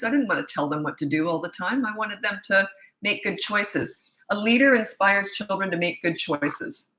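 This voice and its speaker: A woman's voice: lowish voice, poor audio. A middle-aged woman, a parenting coach, giving casual advice and acting out what she and her kids said. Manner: animated, acts out quoted voices. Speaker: parenting coach answering questions.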